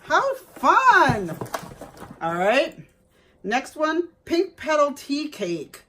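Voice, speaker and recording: A woman's voice: high voice, huge pitch swings, extremely slow, a bit bright. A woman vlogger chatting casually to viewers as she unboxes gifts, exclaiming over each item.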